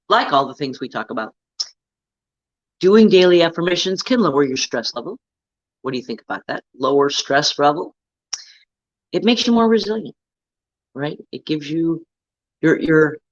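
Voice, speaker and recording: A man's voice: fairly high pitch, no room sound, lo-fi sound. A man hosting a casual self-help talk, coaching earnestly and often checking in with "right?". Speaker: host.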